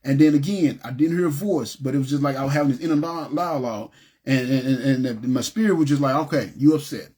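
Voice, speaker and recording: A man telling his personal testimony in an emotional, halting way, with many restarts, choking up at times. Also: mid-range voice, warm tone, husky. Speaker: testimony speaker.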